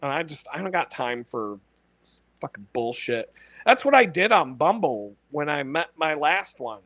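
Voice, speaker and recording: A man rattles off a brash, foul-mouthed story and laughs at his own punchlines. His voice sits high and bright. The mic is close and dry, with no room sound at all. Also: big pitch swings, moderate pace, dry recording. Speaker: podcast host. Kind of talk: casual profane storytelling monologue.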